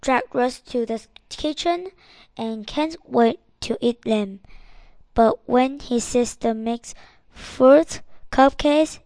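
A woman narrating a children's storybook in a slow, careful, clearly enunciated way. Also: a little high, a little mellow, dry recording. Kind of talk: storybook reading.

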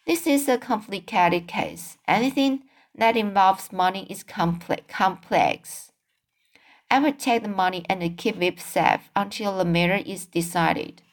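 A woman's voice: medium pitch, a little slow, lightly acted. A woman voicing a bossy, officious male policeman in a storybook reading. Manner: officious, insistent.

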